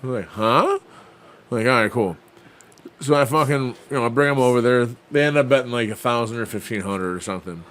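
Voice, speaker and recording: A man's voice: medium pitch, a little fast, a bit bright. A man co-hosting a casual podcast, chatting and swapping racing stories in a laid-back, profane way. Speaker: podcast co-host. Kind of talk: casual storytelling chat.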